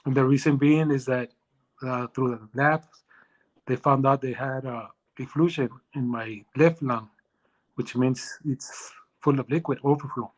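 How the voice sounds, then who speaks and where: A man as an interview guest, telling a personal story in a halting way with many restarts. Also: medium pitch, steady tone, rough recording.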